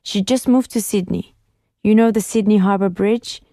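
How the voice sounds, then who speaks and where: A woman reading an audiobook, voicing a shy, gentle teenage boy. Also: medium pitch, steady tone, normal speed, dry recording, studio quality, lightly acted. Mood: friendly.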